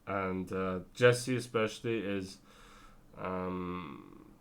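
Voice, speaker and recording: A tired man talks through a TV review in a low voice at a slow, unhurried pace. He rambles, fills gaps with ums and likes, and keeps correcting himself. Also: vocal fry, slight background noise. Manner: rambling, many fillers and self-corrections; breaks into brief character impressions. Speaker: TV show reviewer. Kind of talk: casual spoken review.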